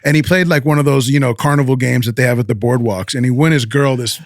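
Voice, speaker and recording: A man in his fifties spins long, animated stories in a loose interview, cursing casually and tripping over his own restarts. His voice sits at an ordinary middle pitch, recorded close and dry with no room sound around it. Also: fast, no room sound. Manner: rambling, animated storyteller with profanity and restarts. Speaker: podcast guest, rapper.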